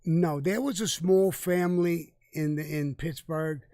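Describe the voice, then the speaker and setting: An older man talks in a casual live Q&A. His voice sits a little high, and the mic picks him up dry and close. He is blunt and profane, stumbling and restarting as he goes. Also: fairly even intonation, unhurried, dark tone, dry recording. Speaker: guest answering viewer questions.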